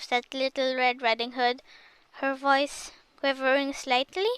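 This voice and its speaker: A woman reads a children's fairy tale aloud in a high, bright voice. Her storytelling is lively and expressive. The sound is close and dry. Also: measured pace, clear, resonant tone, no echo, rough recording. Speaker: storybook reader.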